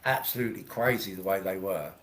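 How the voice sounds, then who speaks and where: A man with a lowish voice speaks as a guest on a podcast. He tells a personal story in a quick, animated rush. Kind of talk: personal anecdote in conversation.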